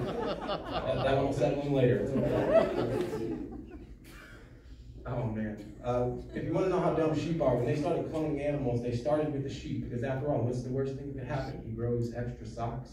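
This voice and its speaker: A man's voice: mid-range voice, animated, moderate pace, long pauses, crowd noise. A man in his thirties doing a stand-up comedy set, wry and self-deprecating with mumbled asides. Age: 30s. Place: comedy club stage. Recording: echoey club, recorded from far. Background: audience laughter.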